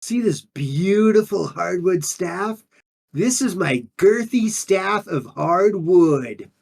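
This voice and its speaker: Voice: mid-range voice, animated, slow, creaky, darkish tone, full character voice. A performer playing a laid-back undine monk who talks in drawling surfer slang, in an improvised in-character interview. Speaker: player character.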